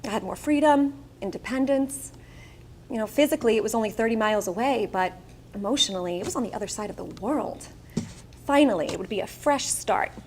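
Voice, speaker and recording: A middle-aged woman with a Long Island accent tells her life story to an audience, candid and quick to poke fun at herself. Her voice sits a little high. Faint background noise lies under it. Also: expressive, a little mellow. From Long Island, New York. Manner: candid and self-mocking, with wry asides. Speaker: guest speaker at a charity breakfast. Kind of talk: personal storytelling speech. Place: event room, speaking to an audience.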